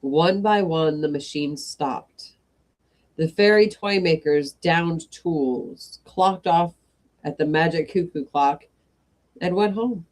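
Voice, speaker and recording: On an evening reading stream, a woman with a low, darkish voice reads stories slowly to her live chat. Between passages she talks with viewers and breaks in with apologies.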